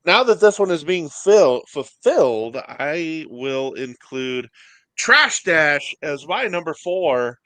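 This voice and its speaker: A man hosting a casual board game show over a video call, relaxed, explaining a game at length. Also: a little high, takes it slowly, no room sound. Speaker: host. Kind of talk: casual chat.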